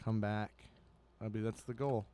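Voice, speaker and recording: A man hosting a podcast, chatting casually and joking with his guest, dropping in quick interjections. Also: lowish voice, steady tone, warm tone, clean tone. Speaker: podcast host, comedian.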